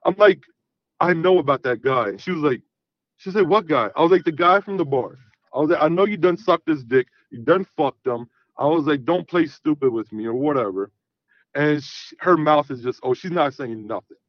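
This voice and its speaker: Podcast guest, man, raunchy animated storyteller, slightly high voice, dull dry recording. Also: moderate pace, no room sound. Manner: profane, animated, acts out quoted dialogue. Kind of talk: casual storytelling.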